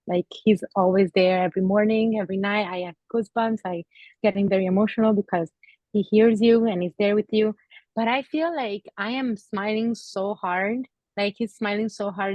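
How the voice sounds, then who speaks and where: A woman gives a psychic gallery reading in a gentle, hesitant voice full of pauses and fillers. She speaks at a middling pitch and sounds emotional. The recording is dry and close. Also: no echo. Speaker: psychic medium. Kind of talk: gallery reading to an audience member.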